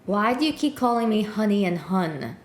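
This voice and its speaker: Playful woman streamer, lively voice. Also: medium pitch, moderate pace, reverberant. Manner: playful, teasing. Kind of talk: casual chat with an AI on stream.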